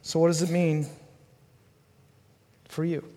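A man with a high voice delivers a sermon at an unhurried pace. He questions his listeners earnestly and moves between fervent pleading and hushed reflection. His words ring out with a long hall echo. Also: little pitch movement. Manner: earnest and questioning, rising to fervent pleading then dropping low. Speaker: pastor.

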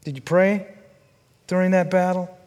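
A male pastor preaching a sermon, asking the congregation questions and swinging from fervent pleading to quiet, low reflection. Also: little pitch movement, moderate pace, in a large hall. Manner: earnest and questioning, rising to fervent pleading then dropping low.

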